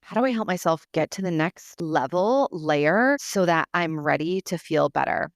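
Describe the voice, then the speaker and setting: A woman's voice: deep voice, lively intonation, moderate pace, no room sound, studio quality. Earnest woman telling a personal story. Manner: earnest, many fillers and restarts. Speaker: podcast host.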